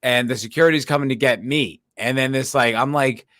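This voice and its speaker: Animated storytelling man, podcast. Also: mid-range voice, brisk, no room sound, studio quality. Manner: animated storyteller, swears often, laughs through his telling. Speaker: podcast co-host. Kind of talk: casual chat, storytelling.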